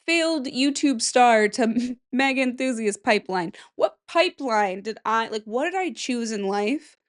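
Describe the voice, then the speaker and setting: A woman's voice: fairly high pitch, lively intonation, unhurried. A woman in her thirties hosting a casual solo podcast, rambling and chatty and swearing freely. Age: 30s. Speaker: podcast host.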